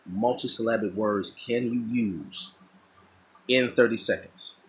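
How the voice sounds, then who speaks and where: In poor audio, a middle-aged man with a lowish voice speaks at a measured pace while drawing. As an artist thinking aloud, he keeps his casual monologue loose, often repeating words and beginning phrases again.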